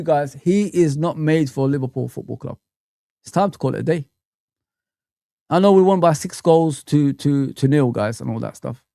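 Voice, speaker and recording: A man's voice: fairly high pitch, vocal fry, warm tone, no echo, studio quality. A man hosting a live football fan stream, chatting with viewers and ranting animatedly. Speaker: football fan channel host.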